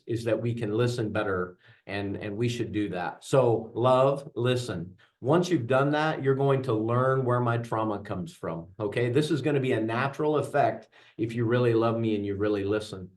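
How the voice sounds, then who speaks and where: Man leading a veterans workshop. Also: mid-range voice. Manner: earnest, joking storyteller addressing audience. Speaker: veteran trainer. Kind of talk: interactive workshop talk.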